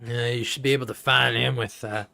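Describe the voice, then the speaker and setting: A man voicing a gruff male camp guard with a put-on Scottish accent, speaking tersely and sardonically. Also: mid-range voice, steady tone, a little fast, sharp tone, soft background music, pitched below the performer's own voice.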